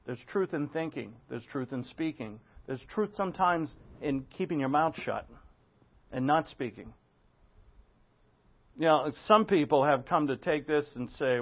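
A man's voice: fairly high pitch, measured pace. A male pastor preaching an expository sermon, full of asides and rhetorical questions. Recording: dull lo-fi sound.

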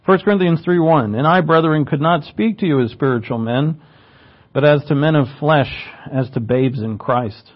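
A man's voice: a little high, normal speed, highs cut off. A man preaching a sermon as a pastor, explaining Greek words, asking rhetorical questions and rising in emphasis on key points.

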